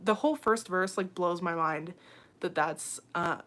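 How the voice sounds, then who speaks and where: A woman's voice: lowish voice, measured pace, a bit bright. A young woman hosting a casual livestream, chatting with viewers, reading their comments aloud, with frequent ums and laughs. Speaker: livestream host.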